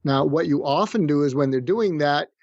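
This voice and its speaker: Speaking as a podcast guest, a middle-aged psychiatrist with a somewhat high voice walks through conflict techniques in a calm, explanatory way, pausing to voice example phrases slowly. The audio is dry and a bit muffled, like a remote connection, and street noise drifts in from outside.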